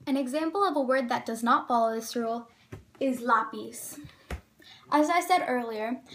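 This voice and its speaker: Woman, high pitch, clear lesson explainer, slows on examples. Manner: careful, slows down on example words.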